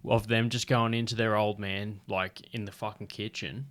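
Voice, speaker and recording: A man's voice: lowish voice, flat delivery, normal speed, fairly bright tone. An Australian man, a comedian, telling loose, rambling stories full of swearing in a casual chat. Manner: loose, rambling, profanity-heavy storytelling.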